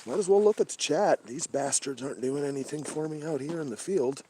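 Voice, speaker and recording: A man hosting a livestream outdoors at night, talking casually and swearing a lot, often dropping to a hushed whisper. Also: a little high, brisk, slight background noise. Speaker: livestream host. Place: outdoors at night in brush by a creek.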